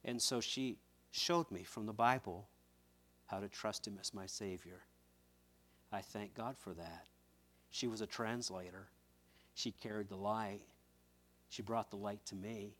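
A man preaching a sermon, fervently, moving between quiet, hushed lines and loud, emphatic ones, and repeating words as he stresses a point. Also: lowish voice.

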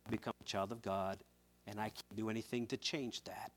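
A male preacher delivering a fervent sermon. He drops to a hushed, low voice and then climbs into loud, emphatic passages, and he doubles up words when he leans on a point. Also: fairly even intonation, fairly quick.

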